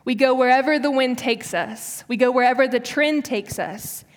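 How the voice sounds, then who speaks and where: A woman's voice: high-pitched, moderate pace. Young woman preaching in a reverberant hall. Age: early 20s. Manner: chatty, storytelling, with fillers. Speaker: speaker. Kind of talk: sermon with personal story.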